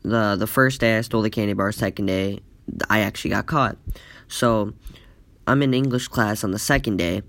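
A man's voice: on the low side, normal speed, a bit bright, no room sound. A man telling a casual, profane story in rambling speech full of "like" fillers.

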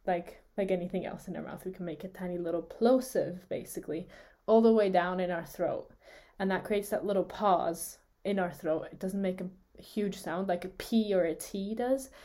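A woman's voice: fairly low pitch, moderate pace, dark tone. A woman, a native Swiss German speaker, co-hosting a podcast and explaining how consonants are made, demonstrating the sounds aloud and laughing often. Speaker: co-host explaining speech sounds. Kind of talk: podcast lesson, casual chat.

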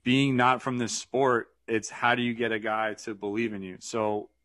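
A man co-hosting a podcast, chatting in a relaxed, conversational way. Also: medium pitch, moderate pace, no room sound. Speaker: podcast co-host. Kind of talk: casual conversation.

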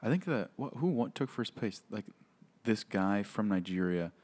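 Low voiced young guy, chill and slangy, joking around on a podcast. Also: lively intonation, normal speed, a little mellow, husky. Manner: laid-back, slangy, jokey. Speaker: podcast co-host. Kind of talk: casual chat.

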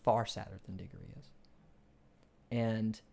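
A young man co-hosting a casual podcast, retelling a book in a rambling way with many restarts and fillers, and growing excited when he argues ideas. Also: on the low side, measured pace, vocal fry. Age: young adult. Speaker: podcast co-host.

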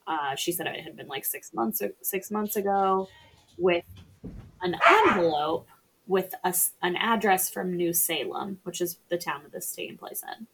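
A woman's voice: lowish voice, normal speed, fairly bright tone, a little hiss or hum. A woman casually recapping a film on a podcast, chatty and sarcastic, swearing freely. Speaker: podcast co-host or guest. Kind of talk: casual movie recap chat.

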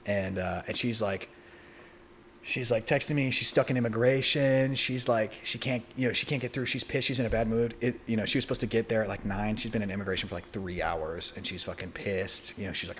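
A young man telling a long, animated story in casual podcast chat, swearing freely and acting out the voices of the people in it. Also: fairly low pitch, a little fast, slight background noise. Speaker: podcast guest.

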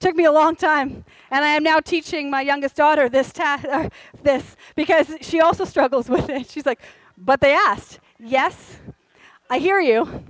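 A middle-aged woman preaching a sermon from a church stage, candid and humorous, with quieter earnest stretches. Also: high-pitched, normal speed, dry recording, low-quality recording. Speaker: pastor.

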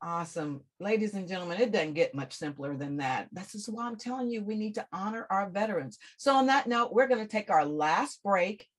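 A woman's voice: mid-range voice, animated, fairly quick, few pauses. A woman hosting an interview show, effusive and speaking straight to her listeners. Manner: effusive, addresses listeners directly. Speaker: host. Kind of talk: radio-style interview hosting.

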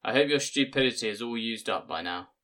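A man voicing a gruff, stern older village father who talks bluntly and scolds often. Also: mid-range voice, lively intonation, pushed and bright. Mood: stern scolding. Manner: blunt, scolding, quick to lecture.

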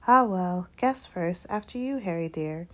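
A woman's voice: on the low side, lively intonation, a little slow. A woman voicing a fussing, anxious middle-aged witch and mother, in a read-aloud story. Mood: fretful.

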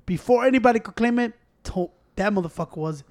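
A man in his forties with a notably high voice, swearing freely in casual banter. He tells his stories with animation, jumping into the voices of the people he quotes. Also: fast talker. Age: 40s. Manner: profane, animated storytelling with acted quotes. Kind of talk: casual chat.

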